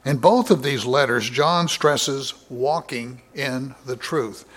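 A man preaching a Bible study sermon, reading scripture aloud in a measured way with many fillers and rising for emphasis. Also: medium pitch, fairly bright tone. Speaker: pastor.

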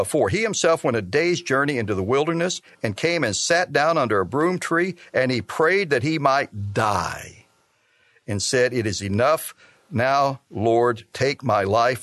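Animated male preacher in a dry room. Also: medium pitch, no echo. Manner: measured Bible teaching, reading scripture aloud with animated emphasis. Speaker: pastor. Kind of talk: sermon.

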